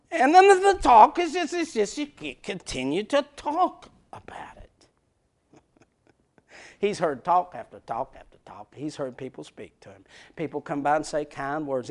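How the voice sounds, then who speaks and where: A man preaching a folksy sermon, moving from hushed near-whispers to loud shouts. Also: on the high side. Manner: folksy, laughs between points. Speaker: pastor.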